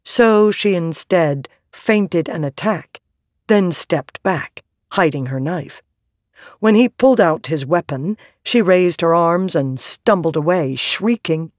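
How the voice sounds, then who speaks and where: A woman narrating an audiobook in a measured, clear storytelling manner. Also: on the low side, darkish tone, no room sound, studio quality. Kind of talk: scripted narration.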